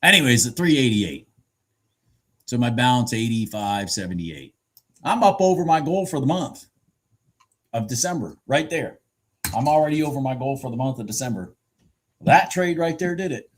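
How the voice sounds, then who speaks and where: A man giving casual live commentary on his futures trades, excitable and swearing freely as he talks to himself and his viewers. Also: medium pitch, moderate pace, pauses often.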